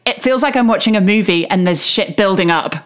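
A woman's voice: mid-range voice, fast. Chatty woman podcast co-host. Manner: chatty, candid, laughs often. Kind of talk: casual chat about reality TV.

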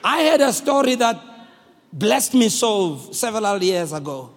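A male preacher telling a story in a sermon, animated and calling out to his congregation. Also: high-pitched, measured pace, long reverb tail.

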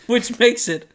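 A man co-hosting a casual podcast, teasing his friends in a mock-grumpy, deadpan way. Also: very high voice, slight background noise. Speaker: podcast co-host. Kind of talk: casual chat.

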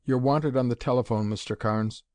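A man's voice: medium pitch, steady tone, a little fast, a little mellow, no echo, natural voice. Narrator doing a rattled male army major in a storybook; formal and restrained, dry sound. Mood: grave.

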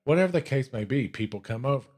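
A man's voice: medium pitch, animated, quick pace, darkish tone. A man with a Texan accent, co-hosting a faith podcast and talking earnestly about using your gifts. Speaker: podcast co-host. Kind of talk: casual faith chat.

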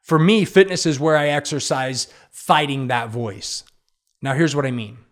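A man hosting a motivational talk, telling stories with animated delivery and acting out the inner voices that argue in a person's head. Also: mid-range voice, moderate pace. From Kansas City area, United States. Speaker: podcast host. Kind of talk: motivational monologue.

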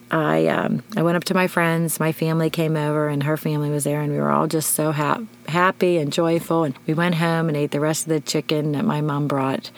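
Middle-aged female podcast host, deep and creaky, emotional storyteller. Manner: emotional, animated retelling with shouted quotes. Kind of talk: personal storytelling.

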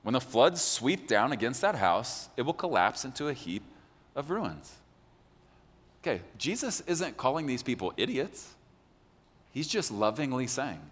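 A man preaching a sermon as pastor, animated and joking, acting out quotes in a large church. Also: medium pitch, measured pace. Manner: animated, jokey, acts out quotes. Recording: long hall reverb.

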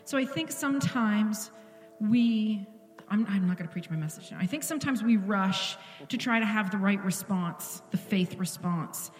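A woman's voice: medium pitch, lively intonation, normal speed, echoey room, long reverb tail, soft background music. A woman pastor giving an earnest, intimate sermon in a church, at times dropping to a whisper. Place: church sanctuary.

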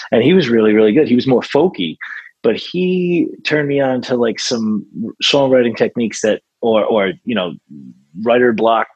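A man's voice: medium pitch, slightly rough, lo-fi sound. A male songwriter as a guest in a casual interview, rambling with many fillers and restarts.

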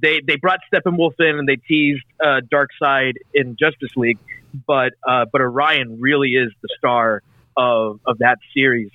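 A man's voice: mid-range voice, fairly even intonation, moderate pace, no echo. A man co-hosting a casual podcast chat, reading out lists with many hesitations. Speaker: podcast co-host. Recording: tinny phone-like line.

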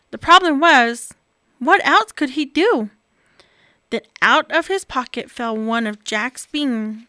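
A woman reading a children's picture book aloud with expressive, animated delivery. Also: high voice, slow pace, clean tone, dry recording, clean studio sound. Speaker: storyteller.

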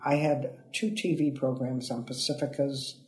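Chatty older woman in an echoey room. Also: moderate pace. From United States (Ohio). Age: 80s. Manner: lively, chatty, swoops up in pitch for emphasis. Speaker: stand-up comedian, interviewee. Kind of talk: animated interview storytelling.

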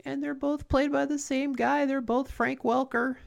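Co-host, casual episode recap, gravelly low-end fry, loose and chatty. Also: moderate pace. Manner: relaxed recapping with frequent "like" and "basically". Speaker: podcast co-host.

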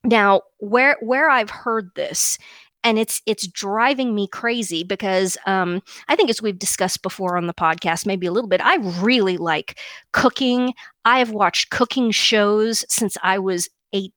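A woman's voice: mid-range voice, measured pace, fairly bright tone, no echo. A woman co-hosting a podcast, ranting indignantly and emphatically, often restarting and repeating words. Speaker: podcast co-host. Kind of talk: opinionated podcast rant.

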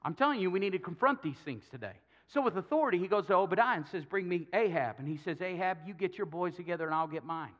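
A man's voice: sits high, expressive, fast, hardly any pauses, lo-fi sound. A male pastor preaching a sermon, telling a Bible story with jokes and acted-out quotes. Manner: storytelling with humor, acting out quotes.

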